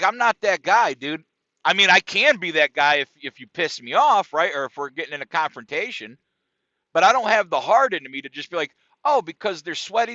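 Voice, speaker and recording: Animated, profane male podcast storyteller. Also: a little high, no echo. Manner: animated, profane, keeps checking in with "right?" and "dude". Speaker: podcast host. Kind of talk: casual storytelling rant. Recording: dry, dull lo-fi sound.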